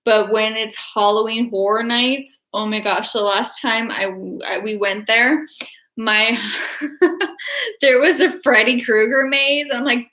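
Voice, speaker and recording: A young woman chatting excitedly in a casual livestream, rambling with restarts and laughter. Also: fairly high pitch, slow. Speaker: artist and horror-fan vlogger.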